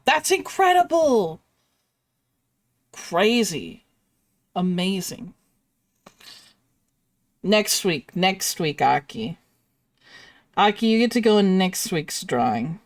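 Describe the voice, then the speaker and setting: A woman's voice: medium pitch, animated, slow, long pauses, a bit bright, no echo. A woman livestreaming while she draws, chatting casually with her viewers, giggling often and apologizing playfully. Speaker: livestreamer drawing on stream.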